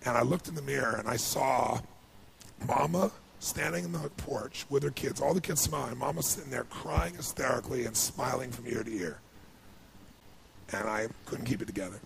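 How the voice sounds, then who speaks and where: A man giving a motivational speech, telling a personal story with emotion that builds into excited passion. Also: mid-range voice, moderate pace, creaky, crowd noise. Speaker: motivational speaker.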